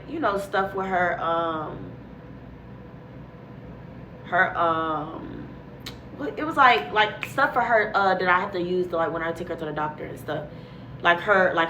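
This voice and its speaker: A young woman tells a story in a loose, profane, chatty way, acting out what everyone said. Her voice sits a little high and sounds bright and edgy. A faint hiss of noise runs under the recording. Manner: animated, acts out quotes, heavy cursing, many fillers.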